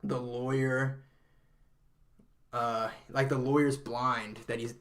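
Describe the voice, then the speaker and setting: A man co-hosting a podcast, rambling through an animated retelling with lots of fillers and laughter. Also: medium pitch, slow. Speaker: podcast co-host. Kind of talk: casual chat.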